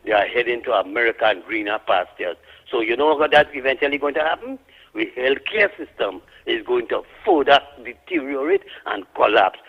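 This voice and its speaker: A man's voice: medium pitch, sing-song, brisk, creaky, breathy edge. Heated Trinidadian man on a phone line. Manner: heated, indignant. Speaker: caller. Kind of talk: call-in radio rant.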